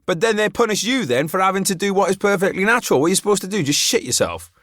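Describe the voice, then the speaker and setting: A man's voice: high-pitched, animated, rapid-fire, a bit bright, no room sound, clean studio sound. A man hosting a podcast, chatting casually in a rambling way, with lots of "like" and swearing. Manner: rambling, swears freely, frequent fillers. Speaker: podcast host. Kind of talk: casual chat.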